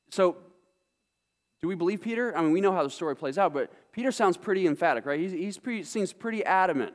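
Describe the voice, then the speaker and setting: A man's voice: sits high, animated, fast talker. A male pastor delivering a sermon, reading scripture and asking his congregation emphatic rhetorical questions. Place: church sanctuary.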